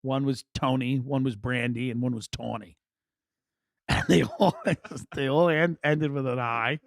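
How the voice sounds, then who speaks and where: A man hosting a podcast, telling comic stories in a rambling, wry, animated way. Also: medium pitch, unhurried, gravelly, no room sound, studio quality. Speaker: podcast host. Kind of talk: comic storytelling monologue.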